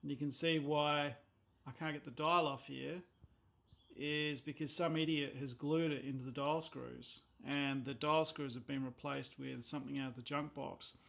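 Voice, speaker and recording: A man's voice: a little high, steady tone, normal speed, vocal fry, a bit bright. A man with an Australian accent, talking casually through a watch repair as a watchmaker, blunt and exasperated with a habit of swearing when annoyed. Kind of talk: casual workbench commentary.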